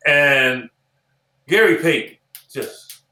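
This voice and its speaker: Speaking very slowly at medium pitch, a former basketball player turned analyst in his sixties tells stories as a podcast guest in an interview chat. His bright, forceful voice acts out quoted lines and repeats phrases for emphasis, and the recording is roomy and echoey.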